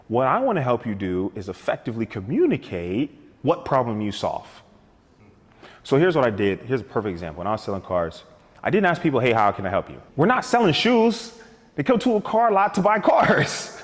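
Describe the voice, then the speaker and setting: Husky and medium in pitch, this man's voice carries a big-room sound. Appearing as a guest sales coach on a talk show, he tells lively stories and plays both parts in the sales dialogues he describes.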